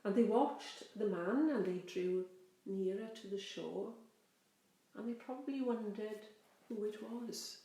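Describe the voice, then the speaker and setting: A woman rector telling a Bible story for children in a gentle, expressive, drawn-out way. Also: mid-range voice. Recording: roomy, faint background noise.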